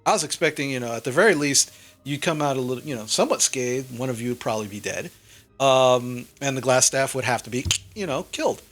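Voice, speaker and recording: A man's voice: mid-range voice, animated, fairly quick, a bit bright, faint music behind. A man voicing a blunt, businesslike retired older man who rambles with many fillers.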